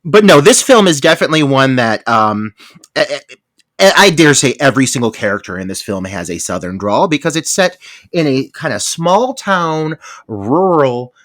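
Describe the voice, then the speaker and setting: Animated, gushing male podcast host. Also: medium pitch, moderate pace, no echo, clean studio sound. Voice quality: animated, gushing, laughs often. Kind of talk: casual chat.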